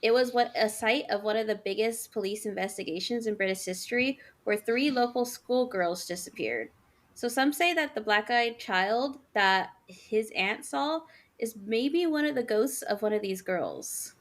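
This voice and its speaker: A woman's voice: a little high, moderate pace. A woman co-hosting a podcast, retelling spooky stories in casual chat. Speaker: podcast co-host.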